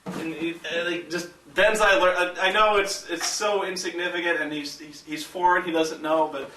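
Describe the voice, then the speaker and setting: A man hosting a vlog, telling a story casually with swearing, laughing and animated mimicry of a friend. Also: on the high side, normal speed. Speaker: vlog host. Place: hotel room. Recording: echoey room, distant mic, faint noise.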